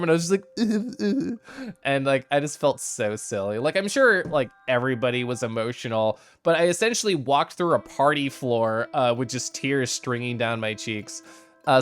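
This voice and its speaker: A young man talks to his stream in a casual, chatty way, laughing easily between stories. His voice is mid-pitched and expressive, with faint music playing softly behind him. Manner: animated, laughs often, chats with viewers. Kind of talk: casual stream chat recapping a convention.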